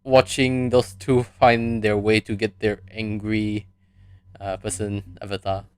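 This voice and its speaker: A man's voice: fairly low pitch, level tone, a little slow, clean tone, dry recording. A man hosting a casual podcast, laid-back and easygoing. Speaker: podcast host.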